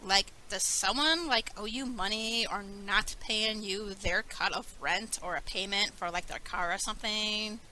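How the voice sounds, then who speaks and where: A woman's voice: mid-range voice, a little slow, hardly any pauses, sharp tone, slight background noise, low-quality recording. A woman voicing a ditzy valley-girl debt collector in a comedic fake commercial, talking airily and filling every sentence with "like" and "totally". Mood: breezy. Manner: airy valley-girl talk, constant "like" and "totally".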